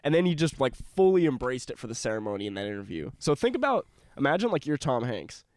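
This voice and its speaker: Young dude rambling on a podcast mic, like and you know everywhere, voice jumps all over, dry close sound, bit of a cold. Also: male voice, mid-range voice, big pitch swings, quick pace, a little mellow, no room sound. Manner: rambling, heavy on filler words, laughs often. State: slight cough from a cold. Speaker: podcast co-host. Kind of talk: casual chat.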